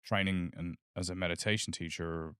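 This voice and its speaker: A man's voice: sits low, steady tone, moderate pace, bright, forceful tone, smooth, no room sound, clean studio sound. A man co-hosting a podcast, speaking earnestly and reflectively in casual chat. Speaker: podcast co-host.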